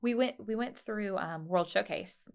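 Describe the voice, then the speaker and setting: A woman's voice: mid-range voice, a little slow, gravelly. A young woman, a podcast guest, chatting casually and animatedly, laughing and acting out voices as she tells stories. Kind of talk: casual storytelling chat.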